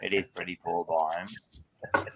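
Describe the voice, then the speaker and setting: A man hosting a sports podcast panel, teasing his co-hosts in lively banter. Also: a little slow, slight background noise. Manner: teasing, excitable, rising pitch when ribbing others.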